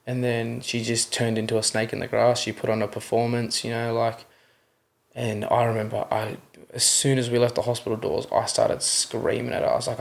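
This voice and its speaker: A man's voice: mid-range voice, monotone, normal speed, creaky. A young Australian man telling a personal story as a podcast guest, earnest, often adding "you know what I mean" and acting out the voices in his retellings. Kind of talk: candid interview storytelling.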